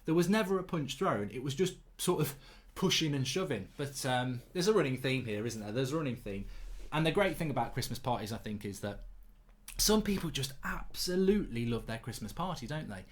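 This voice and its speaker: A man in his thirties telling cheeky, animated anecdotes in a casual chat, throwing in mocking jibes. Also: medium pitch, a little fast. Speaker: podcast host. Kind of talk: casual storytelling.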